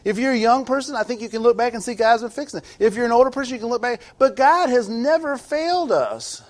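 A male pastor delivering a sermon in a high-pitched voice. He swings between hushed, confiding asides and loud, shouted declarations, and he often stammers and restarts his sentences as he talks to the congregation. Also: fast talker. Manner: animated preaching, swings from soft asides to shouted peaks, frequent stammered restarts.

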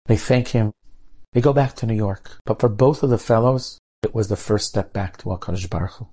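Low, husky-voiced male rabbi. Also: a little fast. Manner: lively storyteller, dramatizes quotes. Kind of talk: storytelling sermon.

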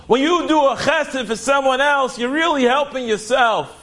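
A man voicing a patient, devout mother who gently lectures her children. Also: very high-pitched, moderate pace, pitched above the performer's own voice. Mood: earnest. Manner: earnest, moralizing.

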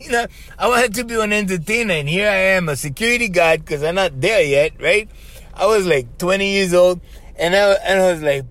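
A man with a Hawaiian Pidgin English accent, hosting a podcast and telling a story in an animated, casual way, repeating himself and calling the listener "bro.". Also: high-pitched, normal speed, no echo. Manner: animated, repetitive, with frequent laughs and "bro". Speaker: podcast host.

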